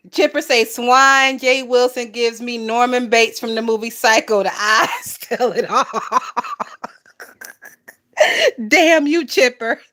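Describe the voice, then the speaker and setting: A woman's voice: a little high, fairly even intonation, measured pace. A woman hosting a casual gossip livestream, reading viewer comments and laughing often. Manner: laughs often, loud and amused.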